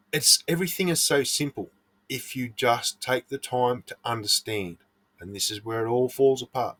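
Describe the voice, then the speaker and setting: A man's voice: medium pitch, fairly bright tone. A middle-aged Australian man, a prospecting vlogger, giving earnest, blunt advice in a casual monologue.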